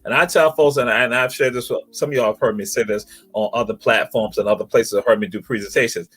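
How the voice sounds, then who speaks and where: A man's voice: mid-range voice, fairly even intonation, quick pace, fairly bright tone, husky. A man hosting a talk show, speaking in a preacherly way and repeating phrases for emphasis. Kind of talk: spirited talk show monologue.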